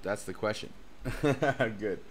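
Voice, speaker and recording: A man hosting a casual livestream as a cryptocurrency educator, excitable and chatty, laughing often and swearing casually. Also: fairly low pitch, slow, a little hiss or hum. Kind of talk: casual live-stream chat. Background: faint background music.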